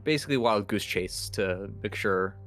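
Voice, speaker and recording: Hesitant low-voiced man playing a game. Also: normal speed, a bit bright, soft background music. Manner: hesitant, full of fillers, playful. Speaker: player. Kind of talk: casual game chat.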